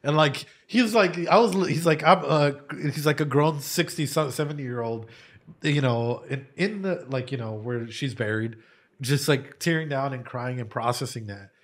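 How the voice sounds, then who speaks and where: A man's voice: medium pitch, moderate pace. A man reacting to a show in casual commentary, laughing often, swearing freely and emotional as he tells a heartfelt story. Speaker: anime reaction host.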